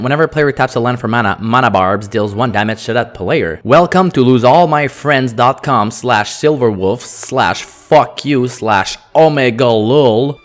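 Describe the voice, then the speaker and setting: Sarcastic French man reviewing cards. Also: medium pitch. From France. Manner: sarcastic, jokey, rattles off card text fast. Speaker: host. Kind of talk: card review commentary.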